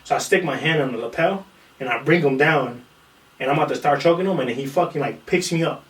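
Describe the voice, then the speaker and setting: A man's voice: fairly high pitch, fast talker. A man who trains in jiu-jitsu, telling a long story on a casual podcast. He swears freely and acts out what other people said. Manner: animated, profane storytelling that acts out quotes. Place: room in a small podcast setup. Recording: roomy echo, far from the mic.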